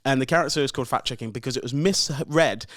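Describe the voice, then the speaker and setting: A man's voice: medium pitch, fast, a bit bright, dry recording, clean studio sound. A man co-hosting a casual podcast chat, joking and rambling with lots of fillers. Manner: chatty and jokey, many fillers. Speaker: podcast co-host. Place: podcast studio.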